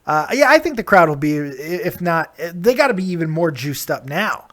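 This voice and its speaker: A man with a rather high voice hosts a live call-in wrestling review show. He talks in a loose, excitable way, laughing often and swearing freely. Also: moderate pace. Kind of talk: casual wrestling talk.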